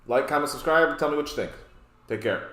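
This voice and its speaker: A man's voice: on the high side, expressive, fairly quick, fairly bright tone. A man hosting a casual card game deck walkthrough, rambling with joking asides. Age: adult, past his youth. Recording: roomy echo.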